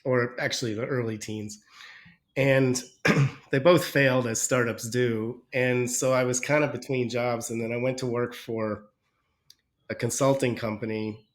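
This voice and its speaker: A man with a stuffy, nasal voice from a cold, speaking as a podcast guest at a mid-range pitch. He rambles through his story and often corrects himself partway through. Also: steady tone, a little slow. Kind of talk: casual interview chat.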